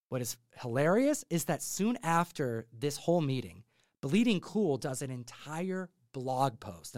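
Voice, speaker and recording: A man's voice: a little high, no echo, clean studio sound. A man hosting a comic book podcast in casual chat, telling stories and acting out what others said. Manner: animated storytelling, acts out quotes. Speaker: podcast host.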